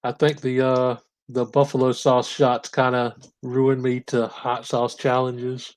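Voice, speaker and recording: A man's voice: mid-range voice, monotone, unhurried, a little mellow. A man co-hosting a podcast in a laid-back casual chat, dropping dude and man into his sentences.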